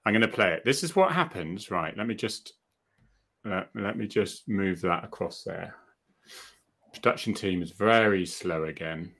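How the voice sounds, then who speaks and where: A man's voice: sits low, expressive, normal speed, a bit bright. A man co-hosting a live online chat in a joking, chatty way, easily flustered by technical trouble. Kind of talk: casual live-stream chat.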